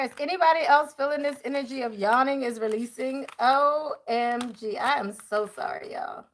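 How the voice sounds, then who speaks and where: A woman's voice: high-pitched, a little slow, a bit bright. A woman doing a live tarot reading, chatting casually and talking to her viewers as y'all. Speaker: tarot reader.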